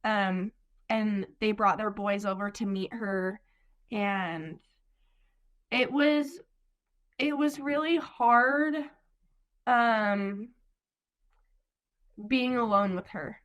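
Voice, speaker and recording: A woman's voice: mid-range voice, extremely slow, pauses often, fairly bright tone. A young woman in her twenties, a guest on an interview show, telling her own birth story with many ums and likes, tearful at moments. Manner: lots of "like" and "um", quotes others. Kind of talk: emotional personal storytelling.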